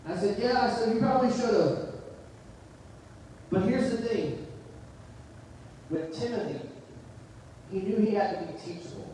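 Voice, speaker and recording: A middle-aged male preacher with a fairly high voice delivers a sermon built around a personal story, speaking at normal speed in a relaxed, conversational storytelling style with frequent pauses and rising emphasis on key points. The distant mic catches him ringing through a large, echoey hall with a long reverb tail, plus slight background noise.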